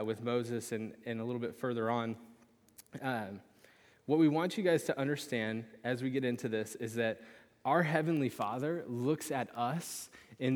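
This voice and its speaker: A young man preaching a sermon, telling a lively personal story with animated pitch swings before turning to scripture. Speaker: pastor. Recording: long reverb of a large hall.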